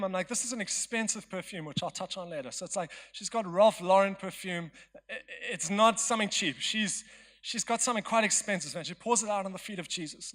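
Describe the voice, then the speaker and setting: A man's voice: sits high, fairly bright tone. A young man preaching a storytelling sermon in a chatty, joking, self-mocking way in a church hall. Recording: long hall reverb.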